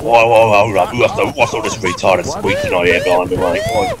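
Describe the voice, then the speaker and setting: A man's voice: a little high, huge pitch swings, brisk, creaky, heavy background noise, pitched above the performer's own voice, exaggerated voice. A man putting on a crude, bossy Australian bloke who barks orders at his soldiers and calls everyone mate, over game chat. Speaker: player and video host. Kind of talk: in-game voice chat role-play.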